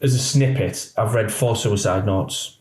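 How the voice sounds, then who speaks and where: A man's voice: on the low side, measured pace, reverberant, low-quality recording. A man, a former police officer telling his story in a candid podcast interview and acting out the dialogue.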